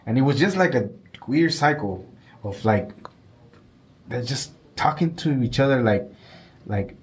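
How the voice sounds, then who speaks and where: A man's voice: medium pitch, a little slow. A man co-hosting a podcast, chatting casually and rambling with frequent repeats. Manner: rambling, repeats himself, animated when quoting. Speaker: podcast co-host. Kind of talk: casual chat.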